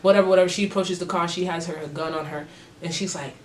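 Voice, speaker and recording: A young adult woman vlogger telling a casual story time, animated and full of slang and swearing. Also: fairly low pitch, quick pace, slight background noise. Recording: roomy echo.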